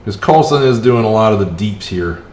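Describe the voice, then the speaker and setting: A man with a lowish, slightly mellow voice and lively intonation streams a mobile strategy game at a moderate pace. He chats with viewers and reacts aloud as he talks through each move, and the echoey recording has a little hiss or hum.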